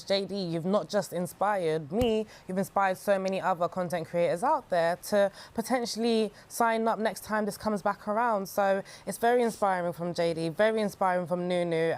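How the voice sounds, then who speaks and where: A woman's voice: medium pitch, a little mellow. A woman on a studio panel talking in an earnest, encouraging way. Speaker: pundit.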